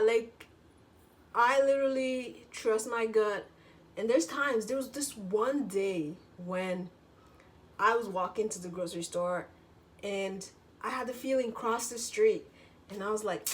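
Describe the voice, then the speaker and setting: A woman's voice: medium pitch, a little slow. A woman vlogger in a casual storytelling monologue, chatty, full of filler words and casual swearing.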